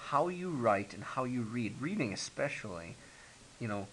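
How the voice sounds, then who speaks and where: A man's voice: medium pitch, a bit bright, poor audio. A man teaching a grammar lesson, explaining step by step with frequent ums and okays. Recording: faint hiss.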